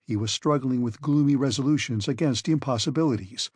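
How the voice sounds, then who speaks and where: Husky male audiobook narrator. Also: medium pitch, a little fast, a little mellow, no echo, studio quality. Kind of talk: scripted narration.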